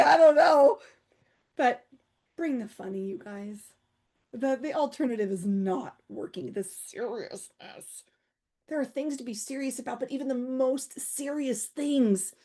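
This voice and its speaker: A woman's voice: sits high, a little mellow. A middle-aged woman comedian and humor coach, chatting as a podcast guest, playful and acting out voices in her stories. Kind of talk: animated podcast chat.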